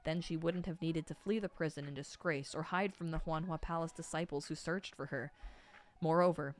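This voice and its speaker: A woman's voice: on the low side, lightly acted. A woman reading as a stern, devoted male master. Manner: earnest, emphatic, pleading.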